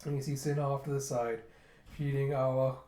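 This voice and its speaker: A man's voice: mid-range voice, fairly quick. Chatty man in a roomy echo. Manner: animated, laughing, switching into character voices. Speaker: manga reviewer. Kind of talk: casual read-through.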